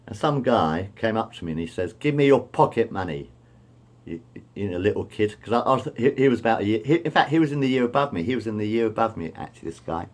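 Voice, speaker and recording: A man's voice: lowish voice, expressive, very fast, hardly any pauses. A middle-aged man rambles through school memories, repeating himself and correcting his details as he goes. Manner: repetitive, meandering, self-correcting. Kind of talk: rambling personal storytelling.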